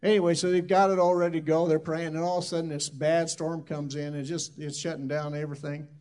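A man's voice: a little high, flat delivery, fast talker, a little mellow. Rambling man telling a testimony. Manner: rambling, loose, full of asides. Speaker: minister. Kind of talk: storytelling testimony.

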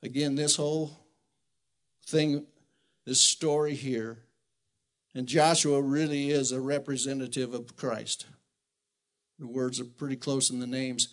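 A middle-aged man preaching a sermon, earnest and emotional, restarting sentences and quoting Scripture, shifting from quiet reflection to loud exhortation. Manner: swings between soft reflective lows and loud exhortation.

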